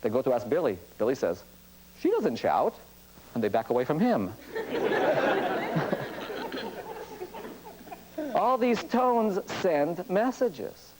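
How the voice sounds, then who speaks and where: A man lecturing as a priest, with a lively pitch that rises and falls widely. He tells anecdotes in a storyteller's way and acts out the people in them. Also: slow, long pauses, crowd noise, noisy background. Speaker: priest and speaker on cross-cultural communication.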